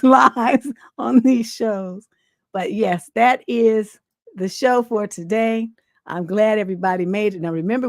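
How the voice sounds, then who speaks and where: A woman's voice: mid-range voice, no room sound, clean studio sound. Laughing woman hosting a live stream. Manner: laughs often, reacts loudly, quotes people in playful voices. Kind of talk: casual live stream chat.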